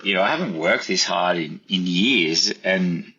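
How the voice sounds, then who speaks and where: A man's voice: unhurried, sharp tone, slightly rough, lo-fi sound. A middle-aged man telling a story casually in an interview, rambling with many fillers and acting out quotes. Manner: rambling, lots of fillers, acts out quotes in a higher voice. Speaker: chef and podcast guest.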